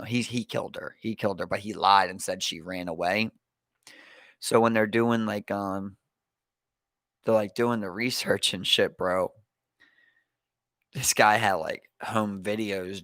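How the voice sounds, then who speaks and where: A young man with a Baltimore accent and a fairly low, fairly bright voice co-hosts a podcast, with no room sound. He tells a story casually, rambling with many fillers and calling his listener "bro."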